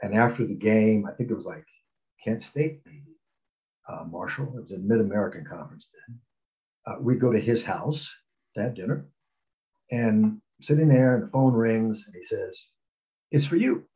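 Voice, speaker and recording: A man's voice: on the low side, moderate pace, dull audio. An older man casually telling a personal anecdote, rambling with fillers and acting out quotes. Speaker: storyteller recalling his college recruitment.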